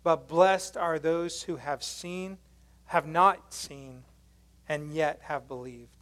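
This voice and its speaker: A male pastor preaching a sermon, retelling a story in animated, casual language and questioning his congregation. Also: fairly high pitch, slow pace. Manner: casual slangy phrasing.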